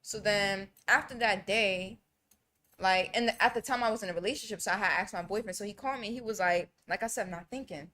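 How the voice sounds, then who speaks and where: A young woman co-hosting a loose, tipsy podcast, spinning a personal story in heavy slang. She talks easily and casually, at an even, everyday pitch. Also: fairly quick. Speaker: podcast co-host. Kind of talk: casual drunk chat.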